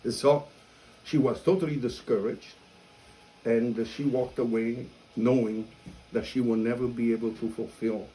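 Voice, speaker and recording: A man with an Italian accent, a priest telling a story in a lively, self-mocking way and acting out the dialogue. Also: mid-range voice, slight background noise, low-quality recording. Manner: animated, self-mocking storyteller who acts out quoted dialogue. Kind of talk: storytelling talk.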